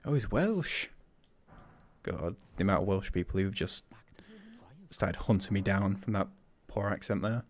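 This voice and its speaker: A man's voice: low-pitched, fairly even intonation, brisk. A man chatting through a game livestream, thinking aloud and laughing often. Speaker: streamer. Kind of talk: livestream gameplay commentary.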